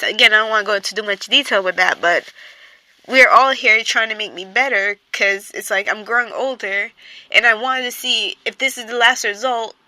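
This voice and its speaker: A woman's voice: fairly high pitch, sharp tone, no room sound. A young woman telling a personal story in casual storytime chat, rambling and full of fillers. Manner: rambling, filler-heavy, with frequent "like" and "I'm here like".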